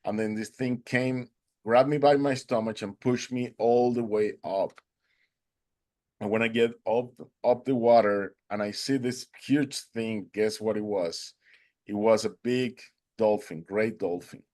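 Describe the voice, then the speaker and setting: A man earnestly telling a personal story, halting and restarting as he goes. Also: fairly low pitch, fairly even intonation, darkish tone.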